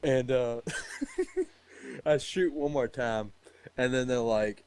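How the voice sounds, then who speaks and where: A man's voice: mid-range voice, a little slow. A man casually telling a story among friends, swearing freely and laughing often. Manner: profane, animated, laughs often.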